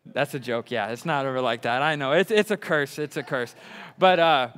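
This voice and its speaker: A young adult man preaching a sermon, excitable and enthusiastic. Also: medium pitch, normal speed, smooth, long reverb tail. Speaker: pastor.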